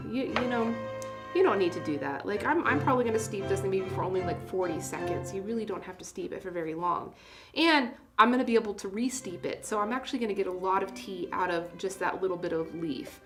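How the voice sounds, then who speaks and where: A woman's voice: medium pitch, expressive, brisk. A woman hosting a casual tea livestream, chatty and self-deprecating, laughing at her own jokes. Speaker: tea seller hosting a live stream. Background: soft classical music.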